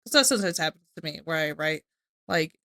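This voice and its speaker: A woman talks through her reactions in a loose, rambling way, often stopping to correct herself. Her voice is bright and forward. The sound is dry, with no room echo. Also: deep voice, expressive, a little fast. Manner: rambling, self-correcting, reads messages aloud. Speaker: reaction commentator. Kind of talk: casual reaction commentary.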